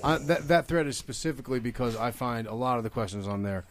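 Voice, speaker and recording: A man co-hosting a podcast in casual chat, quick and joking, often cutting in on the others. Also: medium pitch, lively intonation, a little hiss or hum. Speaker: podcast co-host.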